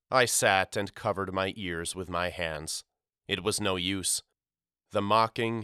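A man narrating an audiobook in the first person, with measured, somber storytelling. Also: lowish voice, sharp tone, smooth, no echo, studio quality.

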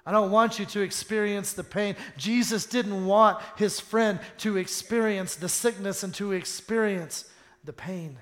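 Unhurried, a man preaches a sermon by reading scripture aloud and commenting on it. He swings from loud, fervent passages to soft, low, intimate ones.

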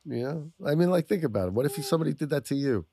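A man co-hosting a podcast in casual chat, telling crude stories with excitable energy. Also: a little high, racing, no room sound, clean studio sound. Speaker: podcast co-host.

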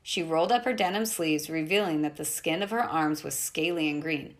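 A woman's voice: low-pitched, moderate pace. A woman reading a novel aloud, telling a first-person adventure story with expression. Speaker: audiobook narrator.

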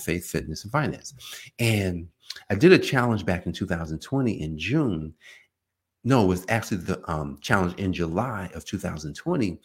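A man hosting a podcast, giving an emphatic motivational talk in his own words, repeating key points and often restarting sentences. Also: low-pitched. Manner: emphatic and repetitive, with frequent restarts; self-described emotional. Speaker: podcast host.

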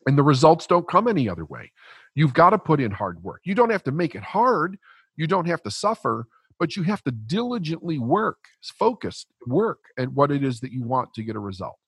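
Blunt husky-voiced man telling a story. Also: fairly high pitch, fairly quick, no echo. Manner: blunt, profane, animated storytelling. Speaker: podcast guest. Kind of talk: storytelling in conversation.

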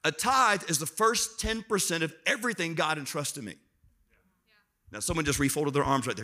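Bright-voiced man preaching a sermon. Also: fairly high pitch, a little fast. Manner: lively, self-deprecating, talks to the crowd and prompts responses. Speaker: guest preacher. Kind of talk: sermon to a church congregation. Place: church auditorium.

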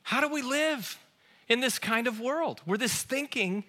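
A man's voice: extremely high pitch, animated, unhurried, bright, forceful tone. A man preaching a sermon and telling funny stories, talking straight to a live congregation in a church. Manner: humorous storytelling, talks to the congregation directly. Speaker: pastor. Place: church auditorium with a live audience.

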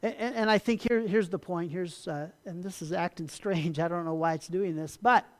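Speaking at a moderate pace in a mid-range voice, a pastor gives a conversational sermon, frequently restarting phrases and voicing brief dismissive exchanges as dialogue.

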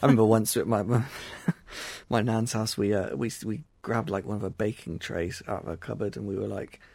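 A man's voice: steady tone, normal speed, creaky, darkish tone, dry recording. A young man co-hosting a podcast in casual, jokey chat. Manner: jokey, playful, bursts into high put-on voices. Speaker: podcast co-host.

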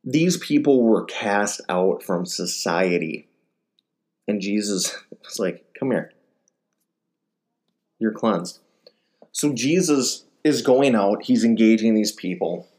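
A ministry speaker with a fairly low, slow-paced voice delivers a conversational sermon, casually retelling gospel stories. He's animated, acts out the quotes, and drops in casual fillers.

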